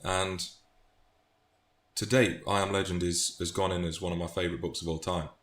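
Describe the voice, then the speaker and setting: A man's voice: low-pitched, flat delivery, moderate pace, fairly bright tone. A British man chatting about favourite book quotes in a thoughtful, casual way, often restarting phrases. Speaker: book vlogger. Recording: echoey room, faint noise.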